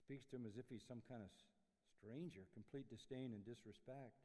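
A man's voice: medium pitch, fairly quick. Emphatic preaching man in a reverberant chapel. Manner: emphatic preaching, sweeping from loud to hushed. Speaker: pastor. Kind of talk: sermon. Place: university chapel.

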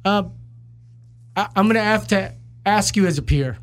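A man's voice: high voice, moderate pace. A man interviewing a guest in casual chat, stumbling over his words and asking long, rambling questions. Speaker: podcast host, interviewer.

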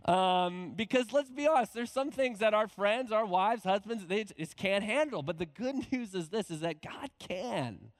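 A man preaching a conversational sermon as pastor, animated, often acting out quoted voices. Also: sits high, normal speed, hardly any pauses, no echo.

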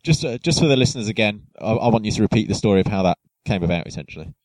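A man's voice: lowish voice, lively intonation, racing, darkish tone, dry recording, rough recording. A man hosting a casual football podcast, chatty and friendly, with fillers and restarts. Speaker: podcast host.

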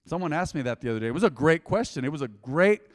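A man preaching a sermon as pastor, conversational and lively, with sudden loud bursts and quiet drops. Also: on the high side, fast, big-room sound.

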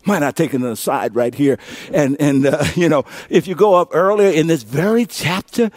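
A man in his fifties preaching a sermon as pastor, building to shouted call-and-response. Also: on the high side, moderate pace, dry recording. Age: 50s.

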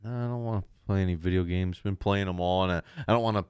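Low-voiced man in rambling casual chat. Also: flat delivery, fast, smooth, no echo. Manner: rambling, self-mocking, acts out his own thoughts. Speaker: streamer, podcast co-host.

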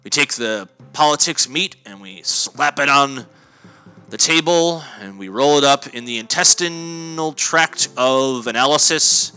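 A man hosting a comedy podcast, delivering a deadpan, mock-pompous monologue that rambles with many fillers and self-corrections. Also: mid-range voice, a little slow, clear, resonant tone, soft background music. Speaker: podcast host.

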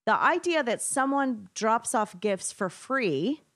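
A woman's voice: on the high side, expressive, slow, fairly bright tone, no room sound, clean studio sound. A woman appearing as a guest political commentator on a podcast, telling stories and laughing often. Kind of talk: casual storytelling chat.

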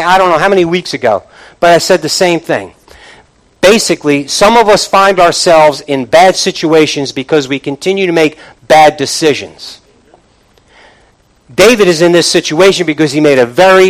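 A man delivers a sermon with a fairly high voice. He preaches emphatically, repeating key phrases and often sinking to a low, hushed tone. He keeps turning questions back to the congregation. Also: poor audio. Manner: emphatic, repetitive preaching with sudden drops to a low, quiet voice.

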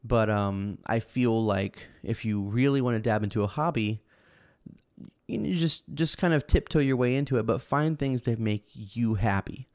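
A man's voice: mid-range voice, normal speed, dry recording. Laid-back man rambling on a dry mic. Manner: rambling and laid-back, many fillers and restarts, animated when telling stories. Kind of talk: casual chat.

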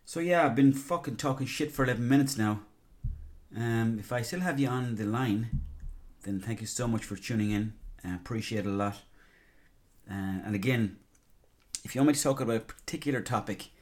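A man's voice: mid-range voice, fairly quick. Rambling, sweary Irish man. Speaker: podcast host. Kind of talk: casual rambling monologue.

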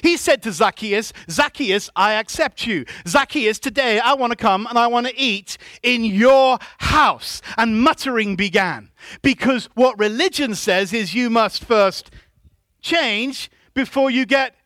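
A man preaching a sermon in a church, calling on the congregation to answer back and rising to loud emphatic shouts. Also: very high-pitched, measured pace, no echo. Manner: preaching with call-and-response to the congregation. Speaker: pastor.

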